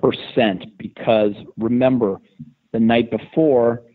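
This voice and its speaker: A man, a sports radio host, retelling a story in casual podcast talk, getting animated and loud as he goes. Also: slow. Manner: excited, animated retelling with rising pitch. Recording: tinny phone line.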